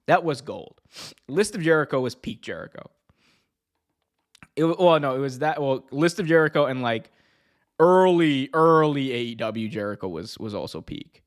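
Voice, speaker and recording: This male podcast host speaks at a normal speed in an expressive, medium-pitched voice. On his casual wrestling news show he rambles, cracks jokes, and fixes his own words as he goes.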